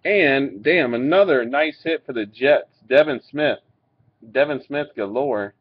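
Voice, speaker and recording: A man talks slowly and easily, reading out cards with the odd curse and chuckle. His voice comes through a dull, lo-fi webcam microphone. He sounds loose and unhurried. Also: medium pitch, husky. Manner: laid-back, swears and laughs while reading out cards. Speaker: card breaker. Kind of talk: casual card-pack opening commentary. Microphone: webcam mic.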